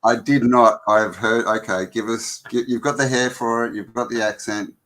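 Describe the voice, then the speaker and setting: A man's voice: mid-range voice, fairly even intonation, normal speed, fairly bright tone. A man from Australia hosting a live-stream chat over a video call, joking, teasing his guest and laughing often. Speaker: host.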